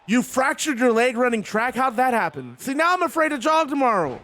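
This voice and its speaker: A man with a high-pitched voice gives casual, chatty commentary over a video game wrestling match. He rambles, swears, and gets excitable as he tells stories between the moves. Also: a little fast. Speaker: host and commentator.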